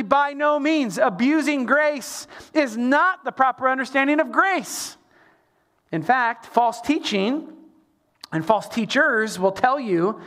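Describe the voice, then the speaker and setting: A middle-aged man preaching a sermon as pastor, animated, with emphatic repetition and the odd sung line. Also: very high-pitched.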